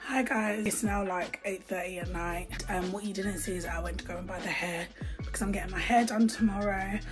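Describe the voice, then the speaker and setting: A young woman, talking to camera in a lively, storytelling vlog. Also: mid-range voice. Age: young adult. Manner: animated storytelling, exclaims often. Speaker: vlogger.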